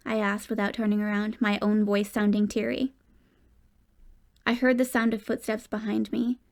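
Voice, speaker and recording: A woman narrating an audiobook in the first person, reading calmly and evenly. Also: medium pitch.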